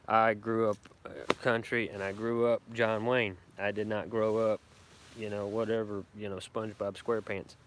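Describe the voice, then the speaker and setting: A man's voice: lowish voice, little pitch movement, normal speed, slight background noise. A middle-aged man, rambling brashly and profanely on a casual live stream from his woodland camp. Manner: brash, profane, boastful country talk. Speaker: bushcraft vlogger doing a live stream.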